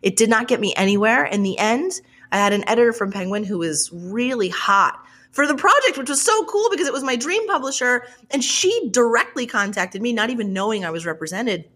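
A woman author, a guest on a podcast, telling stories in a casual, animated, sweary way and laughing often. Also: a little high, fairly quick. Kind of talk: casual interview chat.

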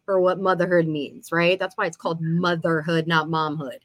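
A woman in her thirties talks with a podcast co-host, her voice sitting a little low. She tells her stories with energy and acts out old conversations. The sound is dry and close, with no room in it. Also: normal speed, no echo. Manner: animated storytelling, acting out past conversations. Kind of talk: casual chat.

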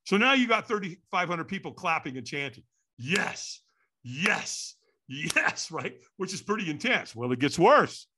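A man telling a story in an animated way, acting out the quotes and sounds. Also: a little high, a little slow, husky. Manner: lively, acts out quotes and sounds.

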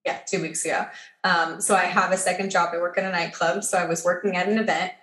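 A woman's voice: lowish voice, level tone, quick pace, bright, forceful tone, echoey room. A woman guest telling a personal story in a casual podcast chat. She talks with lots of fillers and acts out the dialogue she quotes.

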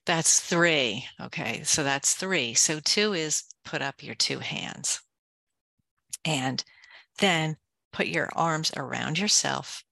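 A woman guest on an interview show, talking in a lively, practical way as she lays out simple steps. Her voice is bright, with a gravelly fry at the ends of phrases. The recording is close and dry. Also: deep voice, slow pace, no echo. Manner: energetic, gives practical step-by-step guidance; self-described go-go person. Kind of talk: conversational advice in an interview.

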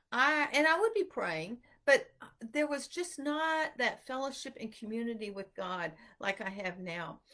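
A middle-aged woman with a twang, speaking a little higher than most women. She chats in a casual, lively way on a live stream, telling family stories and acting out what people said. Her voice comes through a simple desk mic or phone. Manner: chatty, animated storytelling with self-quotes. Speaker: homeschooling podcast host. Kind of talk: casual livestream talk.

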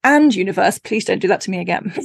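Woman, husky voice, dry sound, animated, chatty. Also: mid-range voice, fairly quick, dry recording. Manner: animated storytelling, acting out her own reactions, laughs often. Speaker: podcast guest, author. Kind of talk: casual chat. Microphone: remote call.

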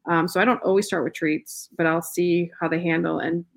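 Lower-pitched woman guest, easygoing and chatty, often laughing. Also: little pitch movement, fairly quick, gravelly. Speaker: pet photographer guest. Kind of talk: casual interview chat.

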